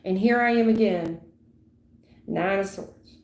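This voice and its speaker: A woman giving a livestream tarot reading in a dramatic, repetitive way, acting out sudden endings with loud exclamations. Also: medium pitch, takes it slowly, long pauses. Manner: dramatic, repetitive, full of sound effects. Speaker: tarot reader. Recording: echoey room.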